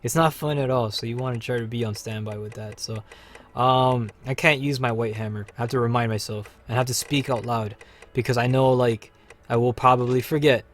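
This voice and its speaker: A man's voice: medium pitch, steady tone, fairly quick. A man hosting a casual gaming livestream, chatting upbeat with viewers while he plays. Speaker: livestream host.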